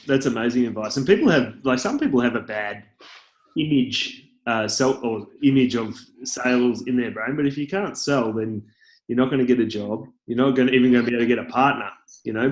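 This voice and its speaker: A man's voice: mid-range voice, fairly quick. Chatty man in an echoey room. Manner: chatty, hesitant, lots of fillers. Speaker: host. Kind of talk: casual interview chat.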